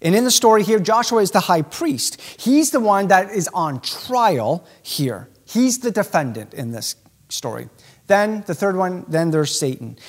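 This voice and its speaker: A male pastor preaching a sermon in an animated, emphatic way, speeding up and slowing down to stress his points. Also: high-pitched. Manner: animated, emphatic preaching with sudden shifts in pace.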